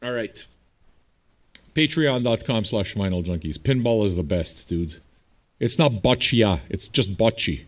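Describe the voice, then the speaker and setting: A man's voice: fairly low pitch, animated, a little slow, long pauses. A man hosting a livestreamed music show, answering viewer chat in a blunt, profane, combative way. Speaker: streaming radio DJ host.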